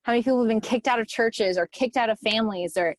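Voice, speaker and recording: A woman's voice: fairly high pitch, fast, dry recording. Earnest woman guest, dry close sound. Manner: warm, earnest, softens to near whispers when moved. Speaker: guest, event organizer. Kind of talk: casual conversational interview.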